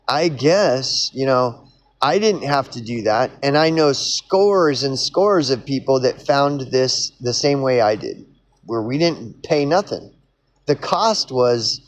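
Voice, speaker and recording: A man with an Oklahoman accent in a casual, rambling monologue, swearing freely, repeating himself and restarting his sentences. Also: medium pitch. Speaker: vlogger.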